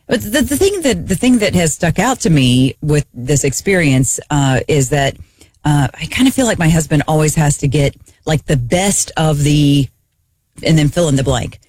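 A woman's voice: low-pitched, expressive, moderate pace, a little mellow, breathy edge, no room sound. A woman chatting casually as a guest, rambling with sarcastic asides. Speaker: guest shopper. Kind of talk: casual chat.

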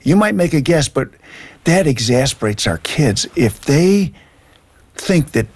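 Gravelly man giving parenting advice. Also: a little high, sing-song. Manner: earnest, advice-giving, halting with "uh" and "um". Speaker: guest. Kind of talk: casual discussion.

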